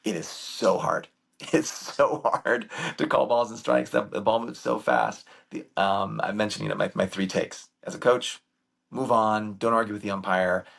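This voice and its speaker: A man with a deep, gravelly voice tells baseball stories as a podcast guest. He talks in an emphatic, lively way, and his tone is slightly husky. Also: normal speed. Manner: animated, emphatic storyteller. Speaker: guest, youth baseball coach and camp director. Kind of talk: casual storytelling conversation.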